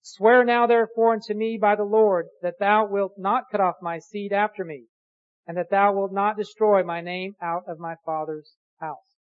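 A preacher giving a sermon, reading scripture aloud slowly and deliberately and posing rhetorical questions. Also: mid-range voice, fairly even intonation, narrow, tinny audio.

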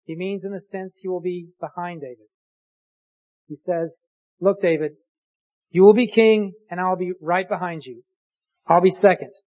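A preacher giving a sermon, reading scripture aloud slowly and deliberately and posing rhetorical questions. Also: mid-range voice, fairly even intonation, muffled recording.

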